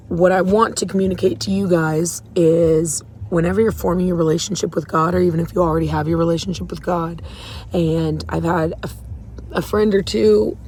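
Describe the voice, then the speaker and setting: A woman's voice: on the low side, creaky, a little mellow, a little hiss or hum. A woman talking candidly and emotionally from a parked car in a parking lot, rambling a little as she shares her faith. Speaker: faith vlogger. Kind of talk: casual confessional vlog.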